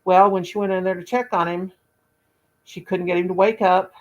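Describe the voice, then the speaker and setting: Her voice sits on the low side, with fairly even intonation and a normal pace, though the audio sounds dull. She runs a crochet channel and is recounting a long personal story, rambling along folksily and casually in run-on anecdotes.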